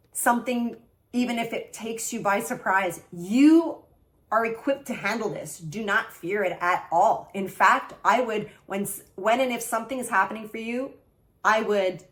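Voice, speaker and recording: A woman giving a channeled tarot reading, enthusiastic and affirming as she speaks straight to the viewer. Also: medium pitch. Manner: enthusiastic, excitable, gushing; spiritual, affirming tone addressing the viewer directly. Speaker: tarot reader.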